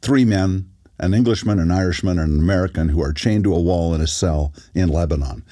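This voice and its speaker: A man, an actor and audiobook narrator, telling relaxed stories as a guest in a casual interview. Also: low-pitched, a little fast. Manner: relaxed anecdotal storytelling with fillers.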